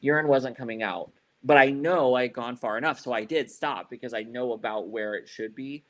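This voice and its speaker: A man's voice: medium pitch, fairly quick, fairly bright tone. A man on a podcast, telling a story in casual chat, rambling and swearing, with lots of "like" and "you know.". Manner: frequent fillers like "like" and "you know". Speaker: podcast co-host.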